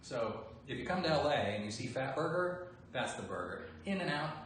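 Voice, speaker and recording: A man answering fan questions in a relaxed, joking livestream chat. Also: mid-range voice, normal speed. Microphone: phone some distance away. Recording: echoey room, voice from far off, faint background noise.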